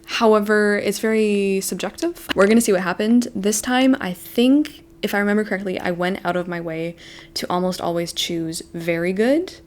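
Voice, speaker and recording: A woman in her twenties chatting excitedly to camera as a book vlogger, gushing to her viewers like friends. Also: mid-range voice, normal speed, a little hiss or hum. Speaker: book vlogger and book club host. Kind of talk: casual chat to camera.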